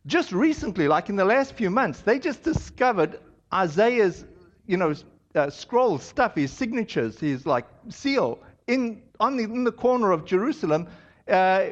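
High-voiced guy pastor, chatty sermon, lots of uhs and restarts, muffled audio. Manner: conversational, full of fillers and restarts. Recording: dull lo-fi audio.

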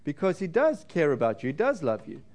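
A man preaching as a pastor in church, gentle and halting, with frequent restarts and fillers. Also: on the high side, wildly swooping pitch. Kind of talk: sermon.

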